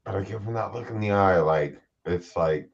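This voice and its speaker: A man's voice: low voice, moderate pace. A man co-hosting a podcast, talking in a blunt, tough way. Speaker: podcast co-host. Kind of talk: casual chat. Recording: dull, muffled sound.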